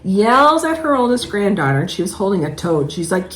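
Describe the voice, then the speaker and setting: A middle-aged woman hosting a casual stitching chat, telling stories animatedly and acting out the voices with high squeals. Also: very animated, brisk. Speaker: host. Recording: echoey room, faint background noise.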